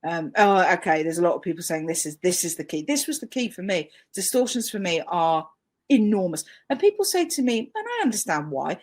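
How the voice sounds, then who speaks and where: A woman's voice: fairly low pitch, very animated, fairly quick. A woman with a British accent giving a live webinar training talk over a video call, chatty, self-deprecating and emphatic. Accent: British English.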